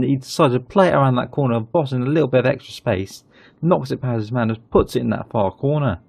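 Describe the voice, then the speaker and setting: Male gaming host, gravelly and mellow, dry close sound, chatty commentary. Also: medium pitch, quick pace, no room sound. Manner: chatty, excitable when goals go in. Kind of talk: casual game commentary.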